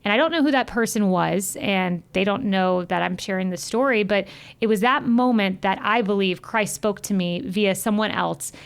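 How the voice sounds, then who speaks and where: A woman's voice: medium pitch, moderate pace, vocal fry, clean tone. A woman in her thirties, a guest in an interview, telling personal stories in an earnest, heartfelt way. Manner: earnest, heartfelt, animated retelling.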